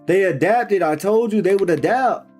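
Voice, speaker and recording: A man live-streaming a game, reacting out loud in casual, slangy commentary and talking to himself and his viewers. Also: sits high, moderate pace, faint music behind. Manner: excitable, slangy, talks to himself and chat.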